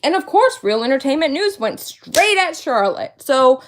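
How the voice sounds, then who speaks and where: A woman's voice: high-pitched, big pitch swings, normal speed, few pauses. A woman in her late thirties hosting a casual livestream, venting with indignant, emphatic talk and repeating her points for emphasis. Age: 30s. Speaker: livestream host.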